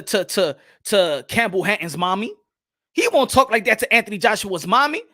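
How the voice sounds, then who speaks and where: A young man hosting a boxing talk stream, animated and swearing freely as he reads the chat. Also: sits high. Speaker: boxing commentator host.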